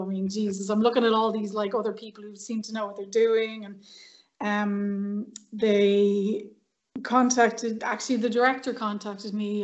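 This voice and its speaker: Here the audio is dull and her voice mid-range. The Irish actress and violinist, appearing on a podcast, keeps the chat casual and animated, voicing the people in her stories.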